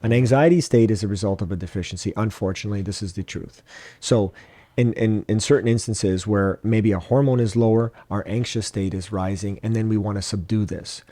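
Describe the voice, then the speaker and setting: Man, low mellow voice, calm advice-giver, dry close sound, casual podcast chat. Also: brisk, dry recording. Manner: calm, advice-giving, emphatic repetitions. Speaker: podcast co-host, doctor.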